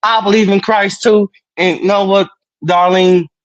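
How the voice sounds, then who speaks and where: A man's voice: sits high, little pitch movement, measured pace, no room sound, muffled recording. A man hosting a livestream, rambling through crude, joking, teasing chat. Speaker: livestream host.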